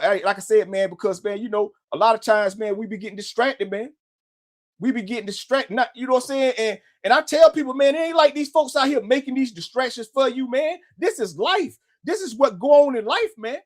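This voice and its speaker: A man hosting his own show, speaking, talking casually and profanely and tagging nearly every phrase with "man". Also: extremely high pitch. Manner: profane, repetitive, says "man" constantly. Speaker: podcast host. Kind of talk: casual motivational monologue.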